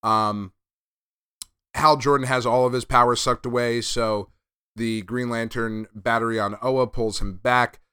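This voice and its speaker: A man's voice: mid-range voice, fairly even intonation, unhurried, bright, forceful tone, clear, resonant tone, dry recording, clean studio sound. A man hosting a podcast, casually recapping and reviewing a comic, laid-back and a bit profane. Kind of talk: casual chat.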